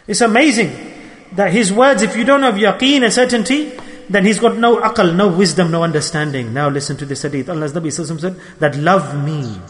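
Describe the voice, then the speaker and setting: Guy preaching a sermon, pretty high voice, big echoey hall, goes loud then quiet. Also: fast talker. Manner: animated, swings between loud exclamations and hushed asides. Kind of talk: sermon storytelling. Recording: long hall reverb.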